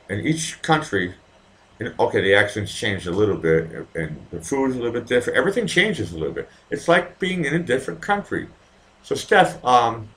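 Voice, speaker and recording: A man with a slightly low voice and a faint Boston accent talks casually to his live stream viewers. He rambles, curses freely and speaks straight to individual viewers. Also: fairly bright tone. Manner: rambling, profane, chatty with viewers. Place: home in Vienna.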